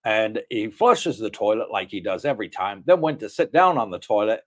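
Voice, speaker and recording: A man's voice: fairly low pitch, sing-song, brisk. A man hosting a casual livestream from his home, greeting viewers by name and chatting about news. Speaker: livestream host. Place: home in Thailand.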